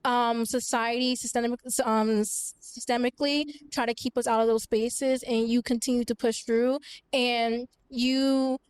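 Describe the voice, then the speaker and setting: A woman with a clear, smooth, fairly high voice gives an emotional tribute into a handheld mic. Her pitch stays fairly even, and her words are sincere. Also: unhurried. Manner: heartfelt, emotional. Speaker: audience member giving a shout-out.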